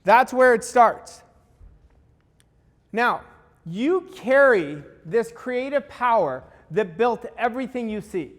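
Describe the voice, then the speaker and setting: A man's voice: very high-pitched, animated, takes it slowly. A man giving a motivational talk as a coach, speaking emphatically and repeating key lines for weight. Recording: long hall reverb.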